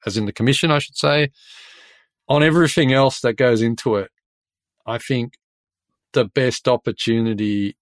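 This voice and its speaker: An Australian man hosts a casual podcast chat, telling anecdotes in a loose, rambling way and laughing often. His voice sits at an ordinary middle pitch. The recording is dry and close, with little room sound. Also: no echo. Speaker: podcast host and builder.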